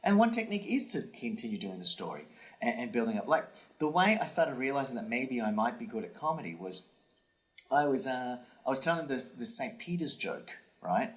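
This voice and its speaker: A man co-hosting a comedy podcast, telling a long story with swooping pitch, many fillers and restarts. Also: sing-song, brisk. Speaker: podcast co-host and comedy workshop instructor. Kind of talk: casual podcast chat, storytelling.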